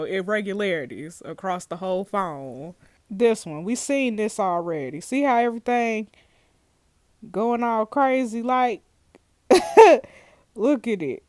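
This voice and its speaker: A woman's voice: medium pitch, no room sound. A young woman hosting a let's play, reading messages aloud and reacting with laughter and slang. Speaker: gaming host.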